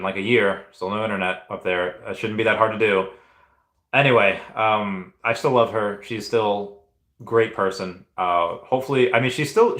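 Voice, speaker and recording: In an echoey room, a Peru-born man in his thirties chats casually on his live stream, reading comments out loud. His voice is lowish with a fairly bright tone, and he rambles haltingly, restarting a lot.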